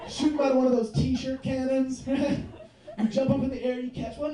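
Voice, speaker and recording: A man's voice: very high voice, little pitch movement, moderate pace, crowd noise, noisy background. A young man performing stand-up comedy in a small club, loose and profane, padding his jokes with fillers like "you know what I mean". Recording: echoey club from a distance.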